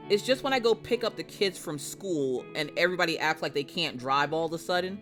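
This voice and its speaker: A woman streamer chatting live with her viewers, brash and profane, spinning jokey stories and bursting into loud mock rants. Her voice is bright and forceful, with a little music playing faintly behind her. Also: sits low. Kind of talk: casual live-stream chat.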